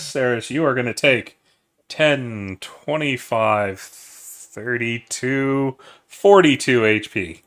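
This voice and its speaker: A man as game master, narrating a tabletop battle in a measured, matter-of-fact, sometimes profane way. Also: mid-range voice, fairly bright tone.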